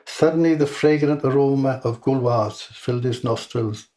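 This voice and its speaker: A man reads his own comic short story aloud. His delivery is dry and deadpan, with a voice of middling pitch. He tells it plainly and lets the jokes land on their own. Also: moderate pace.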